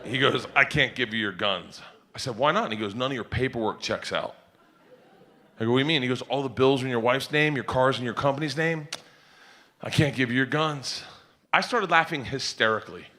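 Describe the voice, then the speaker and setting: Middle-aged male comic, lively swooping delivery, laughs through his stories. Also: medium pitch, a little fast, slight background noise. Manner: animated, rowdy, laughs often mid-story. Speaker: comedian. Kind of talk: stand-up storytelling.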